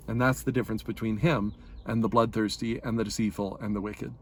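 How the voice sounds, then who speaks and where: A man giving a relaxed, conversational Bible study talk, explaining plainly with fillers and restarts. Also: on the low side, fairly quick. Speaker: Bible teacher.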